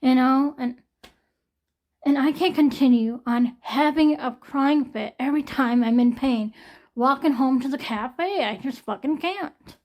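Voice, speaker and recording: A young woman talks straight to her viewers in a raw, emotional vlog, her voice sitting a little high. She is shaking from pain and close to tears, venting hard with frequent swearing. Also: measured pace, a little mellow. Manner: distressed, venting, swearing often. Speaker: vlogger.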